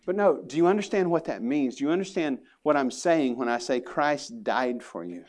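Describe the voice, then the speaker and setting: A man's voice: mid-range voice, animated, moderate pace, darkish tone. A man preaching a sermon to his congregation, earnest and emphatic, with casual asides. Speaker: pastor. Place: church sanctuary.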